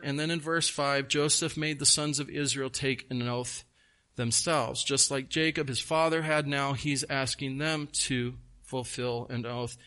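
Man preaching, bright, slightly high voice, emphatic stresses. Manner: emphatic, slows and stresses key words; folksy asides. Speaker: pastor. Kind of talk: sermon.

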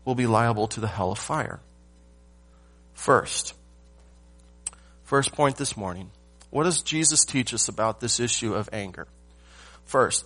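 A male pastor delivers a morning sermon in a middle-pitched voice. He leans on key phrases, pauses for weight, and asks the congregation rhetorical questions. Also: fairly bright tone.

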